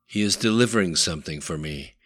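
Cold Russian operative, staccato commands, read by a male narrator in a deep voice. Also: animated, brisk, fairly bright tone, no room sound, clean studio sound.

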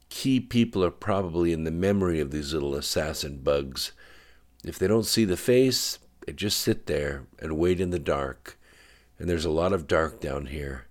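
A man with a very deep voice voicing a calm, careful husband sitting at his wife's hospital bed. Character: gentle worried husband, guarded with bad news.

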